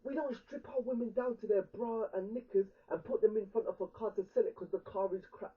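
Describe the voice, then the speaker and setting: A young man with a London accent rants in a heated street argument, angry and repetitive as he drives each point home. His voice sits high and husky. It comes through a tinny, phone-like recording picked up from a distance. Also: fairly quick.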